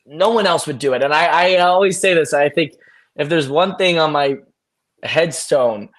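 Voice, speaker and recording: A young man, an actor as guest, talking in an animated, storytelling way on a video call. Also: a little high, moderate pace, a little hiss or hum. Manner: animated storytelling, acts out friends' voices. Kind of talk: casual video-call interview.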